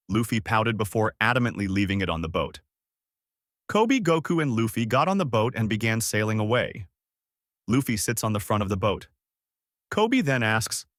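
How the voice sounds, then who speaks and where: Male fan story narrator, animated delivery, dry sound. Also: lowish voice, normal speed, no room sound. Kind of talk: reading a fan fiction story.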